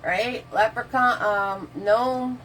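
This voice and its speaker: A fairly high-pitched, fairly bright voice with fairly even intonation belongs to a painting instructor giving a slow, casual live tutorial. She chats with viewers, fields their comments as she paints, and guides them loosely through every step, all over soft background music on poor audio.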